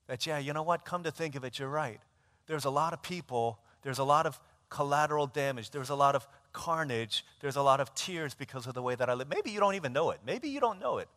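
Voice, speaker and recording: A man preaching as a pastor, an animated, self-mocking storyteller, in a church sanctuary. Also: on the high side, fairly quick. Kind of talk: sermon storytelling. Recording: long church reverb.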